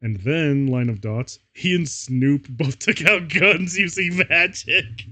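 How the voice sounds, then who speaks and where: A man's voice: on the high side, slow pace, pushed and bright, no echo. A male streamer reading fan fiction aloud, amused and laughing often.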